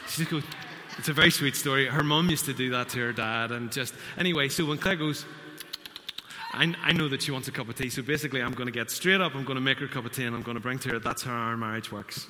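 A man's voice: mid-range voice, fast talker, bright, forceful tone, a little hiss or hum. Man preaching in a reverberant hall. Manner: storytelling with acted-out quotes. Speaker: pastor. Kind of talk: sermon. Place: church hall.

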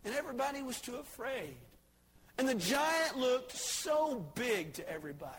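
A male preacher giving a sermon, telling stories and jokes, swinging between soft asides and shouted lines. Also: very high-pitched, sing-song, normal speed.

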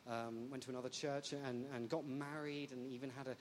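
A woman from England, preaching a sermon in an animated, jokey way full of rhetorical questions. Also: a bass voice, fairly quick, a little hiss or hum.

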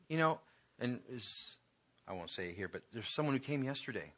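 A man's voice: mid-range voice, animated, a little fast, a bit bright. A man pastor preaching a conversational sermon to his congregation, building to emphatic peaks.

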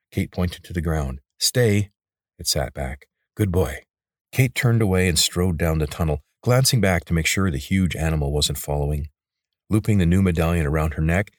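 Deep low guy reading a fantasy story, steady pace, husky, dry close sound. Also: dry recording. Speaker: narrator. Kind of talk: audiobook narration.

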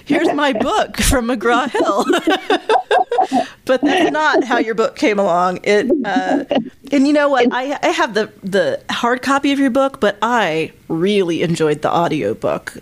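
A woman's voice: on the high side, sing-song, a little slow. A woman in her thirties hosting a casual interview, chatty and laughing often. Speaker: host.

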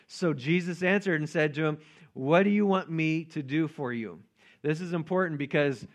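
A man's voice: fairly high pitch, normal speed. A man preaching a casual, joking sermon and acting out the voices of Bible figures. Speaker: pastor.

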